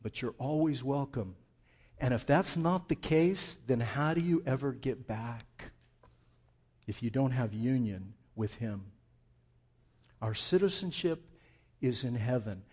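A male pastor preaching a sermon in a conversational, animated way, asking his listeners rhetorical questions and often restarting his sentences. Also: medium pitch, measured pace, pauses often, slightly rough.

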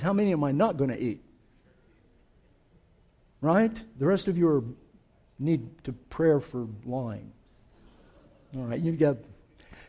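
A male pastor preaching a sermon to his congregation, joking with them in conversational asides, then turning quiet and reflective or rising to emphatic declarations. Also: sits high.

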